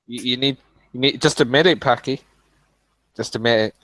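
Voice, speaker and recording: A man's voice: mid-range voice, moderate pace, a bit bright, no room sound. A man on voice chat, mocking and interrogating a friend with laughing banter. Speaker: voice chat participant.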